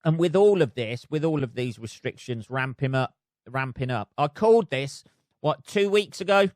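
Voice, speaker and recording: A man's voice: medium pitch, animated, normal speed, darkish tone, no room sound, studio quality. Sweary, rambling man. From United Kingdom. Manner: sweary, rambling, self-mocking. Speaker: podcast host. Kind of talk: casual solo rant. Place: flat.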